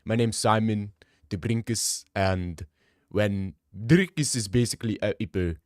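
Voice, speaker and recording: A man's voice: lowish voice, measured pace, a little mellow, no room sound, studio quality, lightly acted. A man putting on a South African accent to voice a brash young South African man, with blunt, swaggering talk. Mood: boasting. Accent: put-on South African.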